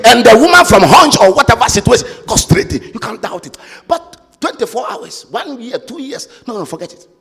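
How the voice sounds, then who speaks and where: A male preacher giving an impassioned sermon, shouting and chanting his lines. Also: very high voice, very animated, normal speed, gravelly, few pauses, breathy edge, big-room sound, faint music behind.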